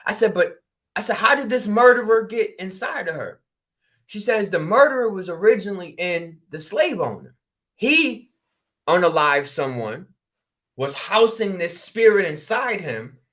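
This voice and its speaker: Here a New Haven, Connecticut man, a practitioner of spiritual regression, spins a story in relaxed conversation. With a high, bright, forceful voice, he animates each speaker in turn, punctuating the dialogue with quick exclamations.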